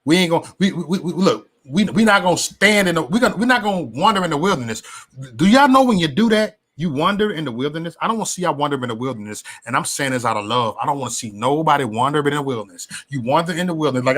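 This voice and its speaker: A man talking casually about politics and faith, animated and preachy, with many restarts and slangy asides. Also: on the high side, fast. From West Side of Chicago. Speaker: political commentator. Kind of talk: casual opinion vlog.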